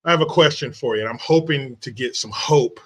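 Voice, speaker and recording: A man's voice: medium pitch, fairly quick, a bit bright, slightly rough. A man hosting a casual interview, chatty and meandering as he sets up long questions. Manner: chatty, meandering, many fillers. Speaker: podcast host.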